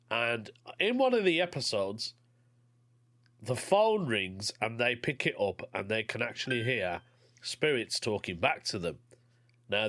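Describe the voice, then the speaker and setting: A man's voice: on the low side, a bit bright. A man hosting a podcast, reading out a listener's story and chatting about it in an offhand way. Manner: chatty, offhand, says mate. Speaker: podcast host.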